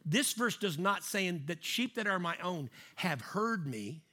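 A man's voice: high voice, expressive, measured pace, sharp tone. A middle-aged man preaching a sermon in a conversational way, acting out little scenes and repeating key lines for emphasis. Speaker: pastor.

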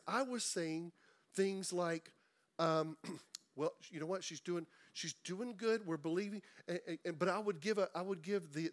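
A middle-aged man preaching a sermon in a conversational way, repeating words and slowing down for emphasis. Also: a little high. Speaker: pastor.

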